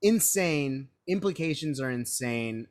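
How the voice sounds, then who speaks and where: A young man co-hosting a casual film chat, animated and swearing freely as he acts out reactions. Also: fairly high pitch, unhurried. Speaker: podcast co-host.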